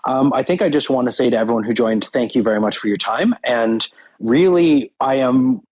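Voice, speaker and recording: A man's voice: mid-range voice, fairly quick, darkish tone, slightly rough, highs cut off. A man, a company CEO guest in an interview, talking in a direct, earnest way and explaining things with examples. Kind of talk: casual interview chat.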